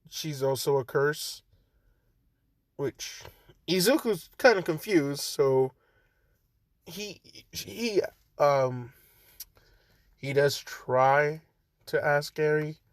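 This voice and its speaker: A man's voice: a little high, no echo. A man telling an improvised story in a laid-back, rambling way, full of "like" and casual swearing.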